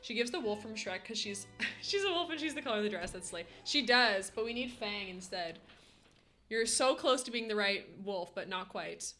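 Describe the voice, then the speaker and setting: A woman's voice: a little high, animated, moderate pace, bright, forceful tone, soft background music. A young woman streaming from home, casually chatting and answering her chat with playful slang. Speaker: game streamer. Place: home room. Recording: roomy echo.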